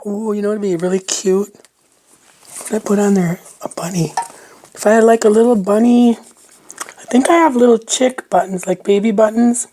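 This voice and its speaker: A woman's voice: medium pitch, fairly even intonation, moderate pace, warm tone, a little hiss or hum. A woman vlogging as she makes fabric tags, chatting casually and half-whispering to herself while chewing. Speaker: crafting vlogger. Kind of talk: casual crafting chat.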